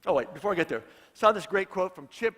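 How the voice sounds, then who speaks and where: A man's voice: high-pitched, expressive, quick pace, fairly bright tone, big-room sound. A man, a pastor, preaching a sermon in a storytelling way and repeating his points for emphasis.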